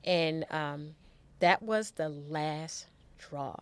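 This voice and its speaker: A woman sharing a personal story as a guest, halting and restarting, repeating herself for emphasis. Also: sits low, clear, resonant tone.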